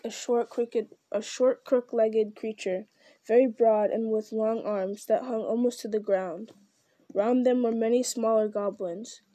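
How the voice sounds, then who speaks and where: A woman narrating an audiobook in a steady, even storytelling voice. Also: a little high, dry recording. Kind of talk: audiobook reading.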